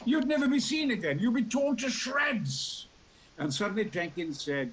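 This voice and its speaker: Booming old Yorkshire storyteller. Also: male voice, moderate pace, poor audio. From Yorkshire, England. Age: 80s. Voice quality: booming, larger-than-life delivery with sudden loud outbursts. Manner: animated storyteller who acts out every character. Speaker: talk show guest. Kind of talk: theatrical anecdote telling.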